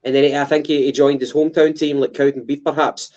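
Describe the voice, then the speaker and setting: A man's voice: on the high side, little pitch movement, fast, a little mellow, dull audio. A Scottish man co-hosting a casual football podcast, hesitant with many fillers and restarts. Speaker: podcast co-host.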